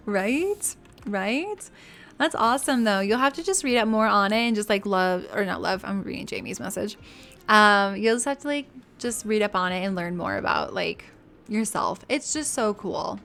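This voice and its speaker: A woman's voice: medium pitch, a bit bright. A woman game streamer chatting casually and giggling with her viewers while she builds in a game.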